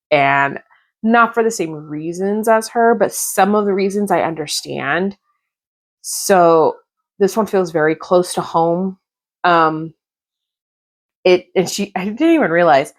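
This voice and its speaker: Chatty mom book vlogger, a little low. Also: female voice. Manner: chatty, gushing, rambling. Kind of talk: casual reading vlog.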